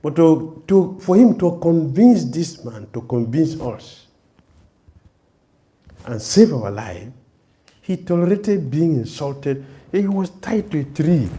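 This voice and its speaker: A male swami giving a sermon, telling a story with lively voices. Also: fairly high pitch, slow. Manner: animated, acts out the story in voices. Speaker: swami preacher.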